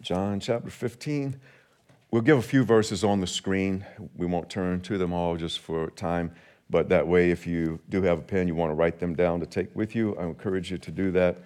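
Male pastor, lowish voice, emphatic sermon delivery with slowed key lines, church service. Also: steady tone, darkish tone. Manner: rises and slows for emphasis when quoting scripture. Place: church sanctuary.

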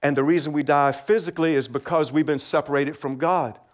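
His voice sits on the high side with fairly even intonation, and he talks briskly through a simple children's sermon. He's friendly and encouraging, prompts call-and-response from the congregation, and laughs frequently between points.

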